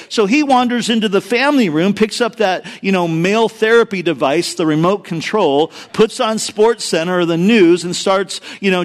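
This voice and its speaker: Middle-aged male pastor, high voice, animated comic sermon storyteller. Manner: animated storytelling, acts out quoted voices, addresses the congregation directly. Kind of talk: sermon with humorous stories.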